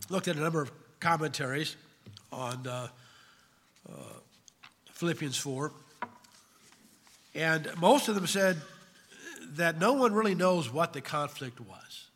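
A man's voice: a little high, expressive, unhurried, pauses often, a bit bright, in a large hall. A man preaching a sermon as pastor, emphatic, putting questions to his congregation.

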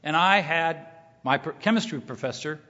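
A middle-aged male preacher with a slightly high voice delivers a sermon with emphasis, circling back on key phrases. His voice rings out in a large reverberant hall. The recording is muffled and dull. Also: normal speed, bright, forceful tone. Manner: emphatic, repeats key phrases, rises when quoting scripture. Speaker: pastor.

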